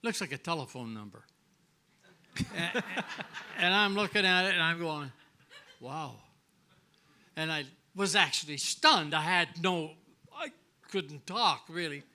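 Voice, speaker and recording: Older man, from canada, tense bright tone, somewhat high voice, rambling storyteller who acts out every line. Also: measured pace, long pauses. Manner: rambling, animated, acts out dialogue. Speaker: guest, former hockey player. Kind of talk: casual anecdotal storytelling. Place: restaurant, live show.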